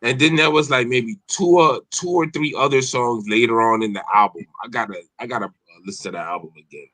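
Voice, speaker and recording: A man's voice: mid-range voice, fairly quick, a bit bright, no room sound, poor audio. A man co-hosting a casual podcast chat, talking emphatically with lots of profanity. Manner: profane, emphatic, talks over others. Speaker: podcast co-host.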